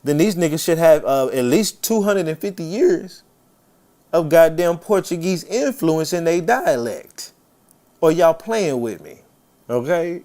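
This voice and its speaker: A man's voice: on the high side, dark tone. Laid-back man streaming live. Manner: talks to viewers by name, swears freely. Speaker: livestream host. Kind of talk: casual live-stream commentary.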